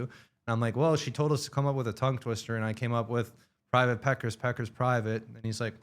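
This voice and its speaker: A man's voice: medium pitch, fairly quick, fairly bright tone. A young man hosting a podcast, telling school stories in a rambling, profane, laughing way. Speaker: podcast host. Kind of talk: casual storytelling chat.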